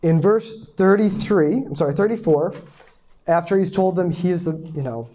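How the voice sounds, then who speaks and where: Male pastor, sermon, mellow warm tone, chatty teaching with asides. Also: high-pitched, normal speed. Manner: conversational teaching, rhetorical asides; voices the crowd's lines with mock indignation.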